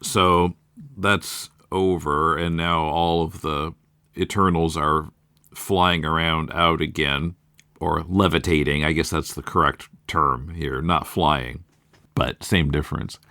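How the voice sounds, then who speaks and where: A man hosting a podcast in casual chat, who recounts things in a measured, thoughtful way. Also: extremely low pitch, steady tone, bright, forceful tone, no echo, studio quality. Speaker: podcast host.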